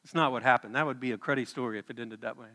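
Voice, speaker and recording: A man's voice: medium pitch, very fast, bright, forceful tone, long reverb tail. A man preaching a sermon as a pastor, telling the story in a conversational way and putting questions to the congregation.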